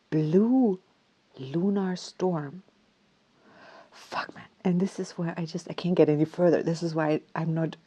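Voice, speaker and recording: A woman's voice: fairly low pitch, mellow. A woman hosting a solo show, talking casually and thinking aloud, laughing often and dropping into whispers. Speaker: podcast host.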